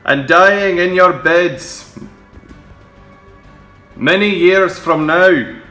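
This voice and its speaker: A man playing a defiant rebel leader rousing his troops, rising to shouted peaks. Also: high-pitched, very slow, echoey room, faint music behind, exaggerated voice.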